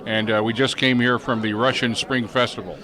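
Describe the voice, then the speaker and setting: Friendly guy interviewing an old coworker, teasing a bit, loud crowd outside. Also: medium pitch, little pitch movement, brisk. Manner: genial, teasing, reminiscing. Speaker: interviewer, former chief engineer. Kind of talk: casual interview chat. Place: outdoor reunion gathering. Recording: crowd chatter outdoors.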